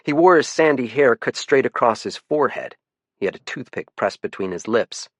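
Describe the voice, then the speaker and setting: A man giving measured, first-person scripted audiobook narration. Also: mid-range voice, lively intonation, no echo.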